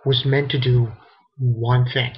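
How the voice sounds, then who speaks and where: A man giving a casual, halting spoken review of a comic chapter, often restarting his sentences. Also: medium pitch, little pitch movement, highs cut off. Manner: rambling, halting commentary with restarts. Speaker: manga reviewer.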